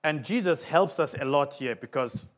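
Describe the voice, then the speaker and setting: A man preaches to his congregation with a fairly high voice. He stresses his points hard, his volume swelling and dropping, and he often asks his listeners questions. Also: lively intonation, moderate pace. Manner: emphatic, with big swings of pitch and volume. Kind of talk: sermon.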